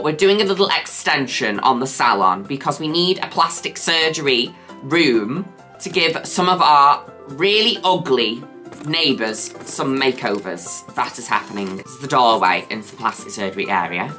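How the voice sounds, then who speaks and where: Woman host for a gameplay vlog: camp, theatrical, bright voice that swoops all over. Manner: theatrical and camp, with playful catchphrases; swoops between high squeals and low drawls. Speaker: gaming video host. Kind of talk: casual gameplay commentary.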